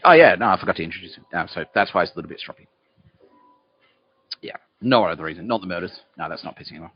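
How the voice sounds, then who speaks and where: A man's voice: sits low, rapid-fire, slightly rough. A man hosting a podcast, delivering a profane, rambling comedic monologue in a mock-conspiratorial way. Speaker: podcast host. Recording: dull lo-fi with faint music.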